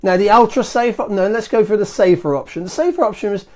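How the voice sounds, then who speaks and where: A man's voice: sits high, animated, fast, warm tone. A man hosts a casual live stream, talking into his phone. He rambles in an easygoing way, fills gaps with ums, and restarts his sentences often. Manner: rambling and chatty, full of fillers and restarts. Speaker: marketing agency host of a live stream.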